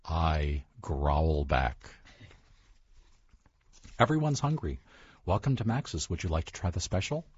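Man reading as a cheerful dog chef, storybook, deep husky voice, slow. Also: expressive, a little mellow, no room sound, heavily acted. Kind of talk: reading a picture book aloud. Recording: dull lo-fi sound.

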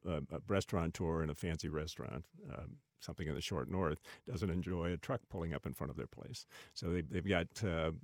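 A man with a very deep, gravelly voice co-hosts a chatty radio show. He talks in an easygoing, hesitant way, full of uhs and ums. His voice sounds dry and close. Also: no room sound. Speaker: radio co-host. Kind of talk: casual radio chat.

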